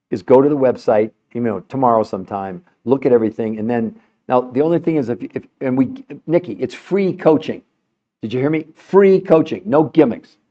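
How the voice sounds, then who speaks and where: A man's voice: medium pitch, lo-fi sound. An older man hosting a health show, chatting casually and animatedly with a caller, often laughing and calling her by name. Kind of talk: casual live call-in chat.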